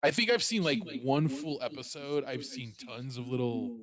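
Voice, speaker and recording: A man's voice: medium pitch, expressive, moderate pace, a bit bright. A man co-hosting a podcast in casual chat, laid-back and teasing his friend. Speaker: podcast co-host.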